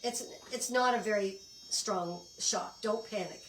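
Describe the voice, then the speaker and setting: A woman's voice: medium pitch, a little slow, reverberant, far from the mic, a little hiss or hum, rough recording. Chatty woman teaching a wellness class. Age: middle-aged. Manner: chatty and encouraging, with frequent restarts. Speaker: wellness instructor.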